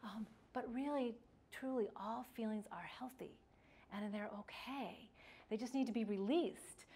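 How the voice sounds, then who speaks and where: A woman's voice: medium pitch, a bit bright. A middle-aged woman giving an instructional talk on parenting, chatty, with fillers and restarts. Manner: conversational, many fillers and restarts. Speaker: parenting educator.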